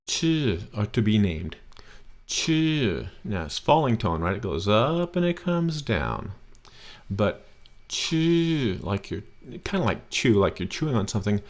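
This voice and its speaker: Brief: low-pitched male teacher, patient, repeats each word slowly for the learner. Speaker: language teacher. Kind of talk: casual spoken lesson.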